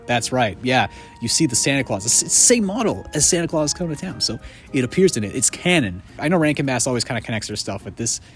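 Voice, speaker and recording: Rambling jokey man outdoors. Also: mid-range voice. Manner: rambling, jokey, animated with voice jumps. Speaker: video essay host. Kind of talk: casual comedic movie retrospective. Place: outdoors in a yard under a tree.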